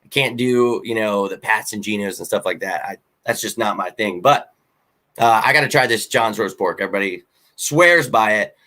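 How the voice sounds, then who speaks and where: Male sports show host, casual and blunt, bright forceful tone, fan rant delivery. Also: on the low side, normal speed. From Philadelphia. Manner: blunt, animated fan rant with frequent fillers.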